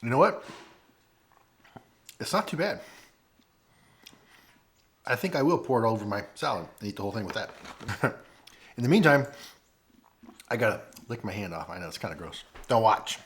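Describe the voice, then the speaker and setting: Lively, chatty man reviewing food. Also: lowish voice. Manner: chatty, folksy and lively, pausing to taste food. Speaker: food vlogger. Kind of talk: casual food review vlog. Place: at home.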